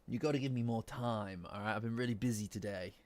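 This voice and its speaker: Low-voiced man chatting on a stream. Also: fast talker, a little mellow. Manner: rambling, joking with chat, swears casually. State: lingering cough. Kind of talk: casual live-stream chat. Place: cold room at home. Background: faint lo-fi music.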